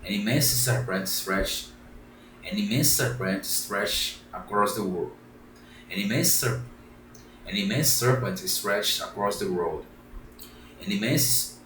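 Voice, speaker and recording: A man reading a children's book aloud, halting and often restarting his phrases. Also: lowish voice, fairly bright tone. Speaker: reader. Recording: roomy, distant, faint background hiss.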